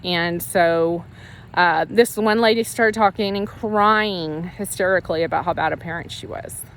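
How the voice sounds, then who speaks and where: A Christian ministry leader tells her faith testimony in a lowish voice at a measured pace, with a little hiss or hum in the background. Her storytelling is casual and earnest, emotional and rambling, and she often starts over.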